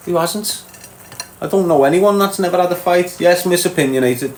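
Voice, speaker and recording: A man with a Liverpool accent hosting a livestream, answering viewer comments in a blunt, streetwise way and calling people mate and lad. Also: fairly high pitch. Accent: Liverpool (Scouse). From Liverpool, England. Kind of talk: casual livestream chat. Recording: roomy echo with faint background noise.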